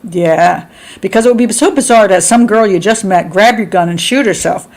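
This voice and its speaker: Chatty woman hosting a live stream. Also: a little fast. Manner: chatty, reads viewer comments, laughs often; acts out quotes with sharp jumps in pitch. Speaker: host.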